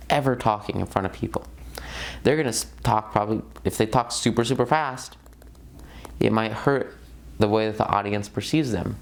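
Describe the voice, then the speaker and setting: A young man with a low, gravelly voice gives a casual online lesson. He talks in a loose, conversational way, full of fillers, and hits the key points hard. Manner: conversational, emphatic, filler-heavy. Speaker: course instructor.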